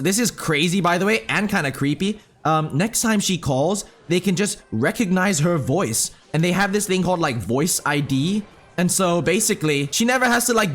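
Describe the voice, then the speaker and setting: Telling a rambling story over his own live gameplay, a young man speaks in a fairly high voice. He's excitable, swears freely, uses slang, and mutters about his moves as he plays.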